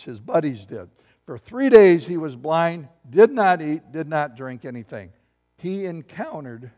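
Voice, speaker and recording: Delivering an animated, story-driven sermon, this middle-aged pastor has a voice that sits somewhat high for a man. He moves unhurriedly between loud, booming emphasis and quiet, confiding asides, while long hall reverb lingers after every line.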